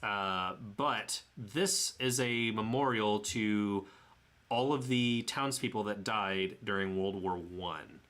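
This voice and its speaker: A young travel vlogger with a Tennessee drawl narrates his trip photos in a casual, rambling voice-over. His fairly low voice is bright and forward, and he takes it slowly, often stumbling, correcting himself, and chuckling at his own slips.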